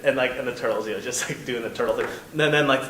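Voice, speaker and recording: A man's voice: medium pitch, rapid-fire, bright, forceful tone. A man telling a long story as a panel guest at a convention, rambling with lots of fillers and restarts. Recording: echoey hall from far off, noisy.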